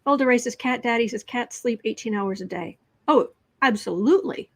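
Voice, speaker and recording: Hosting a relaxed tarot livestream, an American tarot reader reads out viewers' comments, sometimes lowering her voice to a whisper. She speaks a little high at a moderate pace.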